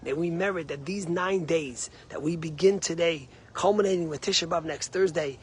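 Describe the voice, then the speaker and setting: A male rabbi giving a short sermon with a story. He speaks emphatically and loudly at first, then drops to a quiet, earnest tone. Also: a little high, normal speed, slight background noise.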